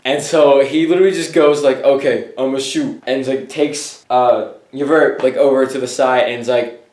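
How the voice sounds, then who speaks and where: A man's voice: fairly high pitch, moderate pace. A man hosting a vlog, casually retelling a musical's plot with humor, rambling with lots of fillers and slipping into offhand character voices. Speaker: vlog host reviewing a musical. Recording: echoey room.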